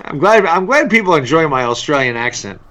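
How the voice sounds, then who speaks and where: A man co-hosting a live stream, joking and animated in casual chat. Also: fairly high pitch, fairly quick. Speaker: co-host.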